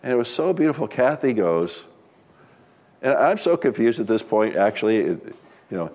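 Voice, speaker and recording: A man's voice: on the low side, lively intonation, measured pace, pauses often, a little mellow. A middle-aged man, a pastor, preaching a sermon with humorous personal stories in a chatty, conversational way.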